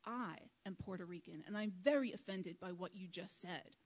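A woman's voice: lowish voice, normal speed. A woman voicing an outspoken, principled older grandmother who speaks firmly and emphatically with a slight German accent.

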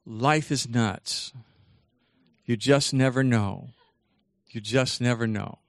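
A man delivers a motivational seminar talk in an animated manner, acting out the voices of his own inner dialogue. His voice sits at a middle pitch and is recorded close and dry, with no room sound. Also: takes it slowly, gravelly, no echo. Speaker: motivational speaker.

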